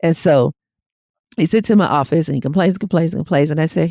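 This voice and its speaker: A woman's voice: deep voice, brisk, dark tone, dry recording, clean studio sound. A middle-aged woman hypnotherapist giving a casual, blunt and direct motivational talk on her podcast.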